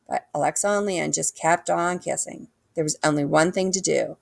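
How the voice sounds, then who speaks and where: A woman reading a children's book aloud with lively, animated storytelling. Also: sits low, moderate pace, vocal fry, few pauses, no room sound. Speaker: reader.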